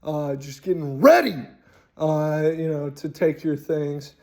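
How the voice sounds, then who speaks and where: A man hosting a casual, rambling talk on tabletop role-playing, animated and full of swearing. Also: on the high side, slow, creaky. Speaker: host.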